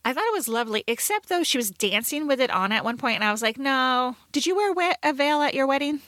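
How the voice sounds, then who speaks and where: A woman with a fairly high voice chatting as a podcast co-host, full of "like" and playful quoted asides. The sound is dry and close, with no room around it. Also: quick pace, no echo. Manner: chatty, lots of fillers, lively quoted asides. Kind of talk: casual chat.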